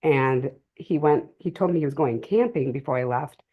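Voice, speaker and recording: A middle-aged woman giving an emotional personal testimony to a live audience, halting often and restarting her sentences. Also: deep voice, narrow, tinny audio. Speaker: speaker sharing a family story at a drug-prevention session. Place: community cultural center, in person.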